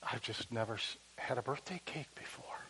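A man voicing a timid, lonely middle-aged woman at a diner, speaking in a hesitant, soft, halting way. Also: on the high side, expressive, creaky, a little hiss or hum, low-quality recording.

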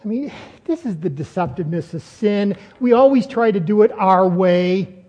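A man's voice: sits high, expressive, moderate pace, warm tone. A man preaching a sermon as a pastor, in a conversational style full of rhetorical questions. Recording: dull lo-fi sound with long hall reverb.

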